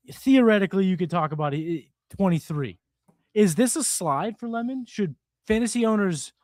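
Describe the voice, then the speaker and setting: A man with a somewhat high voice co-hosting a live sports stream. He talks in an energetic, bantering way and fires off quick questions. The sound is dry and close. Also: no echo. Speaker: co-host. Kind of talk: live draft coverage chat.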